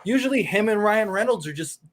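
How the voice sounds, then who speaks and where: A man's voice: sits high, animated, a little fast, a loud crowd. A man chatting casually on a podcast, rambling with lots of fillers and restarts. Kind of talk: casual chat.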